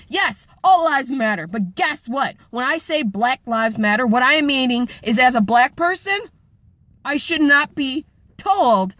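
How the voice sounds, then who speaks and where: A woman's voice: high-pitched, expressive, unhurried, a bit bright, no room sound. A young adult woman ranting in a personal vlog, impassioned and blunt, swearing heavily as she speaks her mind. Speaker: vlogger. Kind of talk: emotional personal vlog rant.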